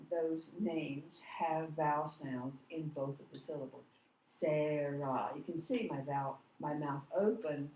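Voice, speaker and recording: Low-voiced lady teacher going slow through a phonics lesson, echoey classroom. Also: warm tone, slight background noise. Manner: patient, deliberate, models words slowly.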